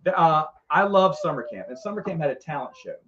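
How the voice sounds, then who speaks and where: A middle-aged man with a fairly high voice tells rambling stories with lively energy, often restarting his sentences. The sound is dull and lo-fi, like a modest podcast setup. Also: quick pace, background noise. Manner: rambling, animated, frequent restarts. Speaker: podcast co-host. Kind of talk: casual storytelling chat.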